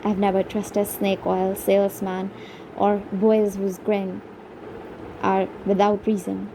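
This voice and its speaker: A woman's voice: mid-range voice, little pitch movement, noisy background. A woman voicing a confident, teasing young Irish man who speaks in a lilting, sing-song way in an audiobook. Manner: lilting, sing-song lines delivered slowly.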